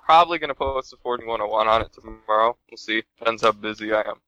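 A man with a bright, forward voice walks through a game trick step by step in a casual podcast chat. The sound is close and dry, with no room around it. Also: lowish voice, fast, dry recording, dull audio. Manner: explains game mechanics step by step. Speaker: podcast co-host.

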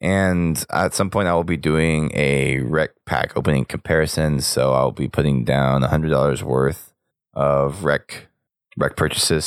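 Deep rumbling, gravelly and hoarse, this man hosts a casual podcast, talking his listeners through plans at an easy ramble. His voice sits at the very bottom of the range with lots of fry. It's recorded dry and close on a podcast mic. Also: no echo. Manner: talkative, rambling sign-off. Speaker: podcast host.

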